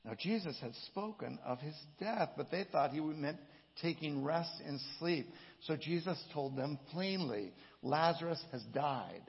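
Slow gravelly preacher in a hall. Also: male voice, a little high, lively intonation. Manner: reads scripture with dramatic inflection, slow and emphatic. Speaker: pastor. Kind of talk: sermon. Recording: dull echoey hall.

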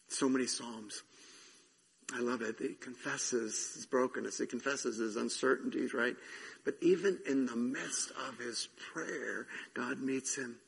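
A man's voice: mid-range voice, vocal fry, fairly bright tone, breathy edge, big-room sound, low-quality recording. A man leading prayer and preaching a sermon as pastor in a church sanctuary, earnest and prayerful. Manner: slow, earnest, prayerful with drawn-out phrases. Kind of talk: sermon with prayer and scripture reading.

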